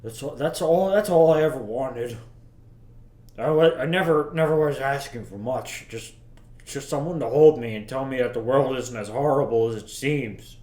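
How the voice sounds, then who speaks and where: An actor playing a bitter, self-pitying middle-aged father who rambles crudely to his son in a deadpan comedy monologue. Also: mid-range voice, normal speed, natural voice. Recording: roomy echo.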